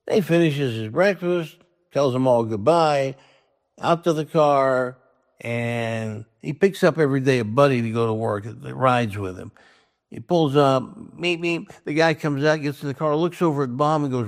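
A man's voice: mid-range voice, moderate pace. A man telling a long joke in a folksy, casual way, with plenty of restarts, acting out each character's lines. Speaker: joke teller. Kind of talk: casual storytelling.

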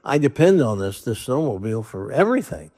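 A man's voice: mid-range voice, sing-song, brisk, a little mellow. A man voicing a naive, bewildered backwoods mountain man in a joke, talking hesitantly.

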